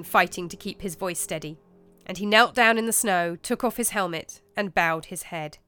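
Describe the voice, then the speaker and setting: Bright, crisp woman storyteller. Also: medium pitch. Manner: measured, expressive storytelling. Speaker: narrator. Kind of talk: storybook narration.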